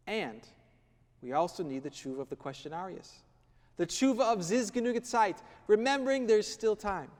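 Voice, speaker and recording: A rabbi giving a sermon, telling a story with dramatic pauses and quoting Hebrew and Aramaic passages. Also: male voice, high-pitched, in a large hall. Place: office.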